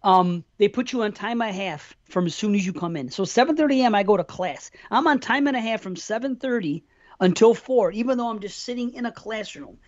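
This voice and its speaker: A middle-aged man from New York State dominates a casual podcast as co-host, telling a long, rambling story in a high, animated, brisk voice. He swears freely and keeps circling back to restart his thoughts. The audio is dull and lo-fi.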